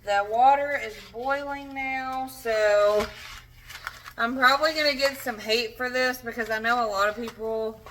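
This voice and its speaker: Young woman, casual kitchen vlogger, chatty and bright-toned, faint background noise. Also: fairly high pitch, distant mic, low-quality recording. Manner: chatty, rambling, self-deprecating asides. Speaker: home cook vlogger. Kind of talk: casual cooking chat. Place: home kitchen.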